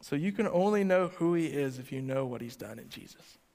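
A male pastor preaching to a church congregation, asking them direct questions and swinging between loud emphasis and quiet lines. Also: a little high, lively intonation, fairly quick. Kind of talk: sermon. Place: church sanctuary before a congregation. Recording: long hall reverb.

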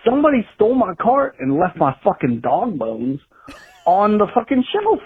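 A man's voice: sits high, sing-song, normal speed, husky. A man leaving an angry, profane voicemail rant as a caller to a show. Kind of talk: ranting voicemail. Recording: tinny phone voicemail.

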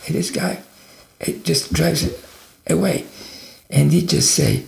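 Guy telling a story, very gravelly voice, echoey room. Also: mid-range voice, slow. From Italy. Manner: animated, with many restarts and fillers. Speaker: podcast guest.

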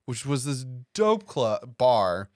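A man talking about a movie in a loose, easygoing podcast chat. His mid-pitched voice is close and dry, with no room sound. He explains references at an unhurried pace. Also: no echo. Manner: relaxed, explains film references. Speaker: podcast co-host. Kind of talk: casual film discussion.

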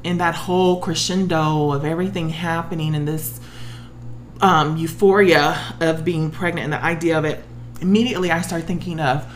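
A woman's voice: low-pitched, fairly even intonation, moderate pace, a little hiss or hum. A woman on the verge of tears, telling a personal story in an emotional, emphatic way as a podcast co-host. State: close to tears.

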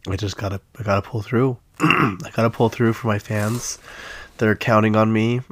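A man's voice: on the low side, normal speed, fairly bright tone. Sick-voiced young man chatting on his podcast. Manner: chatty, rambling, self-mocking. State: sick, hoarse-sounding voice. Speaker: podcast host. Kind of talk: casual solo podcast chat.

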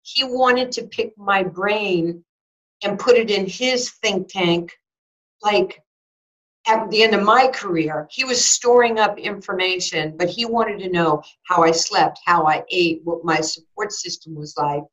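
A woman in her sixties, a former basketball player and broadcaster, telling a personal story in an interview, animated and acting out both sides of conversations. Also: medium pitch, a little slow. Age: 60s. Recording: slightly dull lo-fi audio.

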